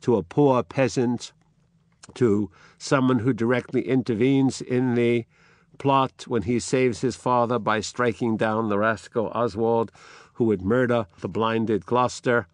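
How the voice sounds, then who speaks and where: An older man giving a literature lecture, telling the scene slowly and dramatically and reading out the quotes. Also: medium pitch, fairly even intonation, no echo, clean studio sound. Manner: slow, dramatic storytelling with acted quotes.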